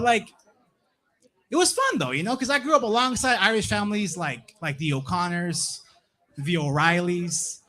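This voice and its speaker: Laid-back young man doing stand-up on a club stage, with a fairly high voice. He leans on casual tags like "man" and "right?" between his jokes, speaking into a handheld stage mic. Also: a bit bright. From Plymouth, Massachusetts. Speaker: stand-up comedian. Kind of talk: stand-up comedy set.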